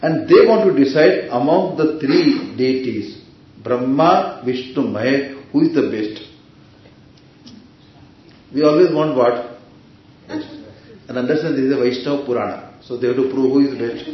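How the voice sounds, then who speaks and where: A man's voice: mid-range voice, moderate pace, pauses often. A man giving a scripture discourse, telling stories and asking his listeners questions. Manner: storytelling, with Sanskrit terms and asides to listeners. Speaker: spiritual teacher. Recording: very echoey dull hall recording.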